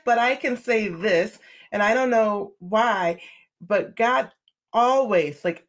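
A woman guest telling a personal story in an earnest, expressive, conversational way. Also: mid-range voice. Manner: expressive, earnest, talks through her feelings openly. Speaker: podcast guest.

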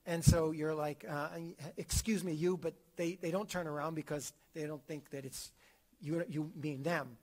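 Lively man teaching a theology class. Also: fairly high pitch, normal speed. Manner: animated, acts out quotes, repeats and restarts words. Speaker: catechism teacher.

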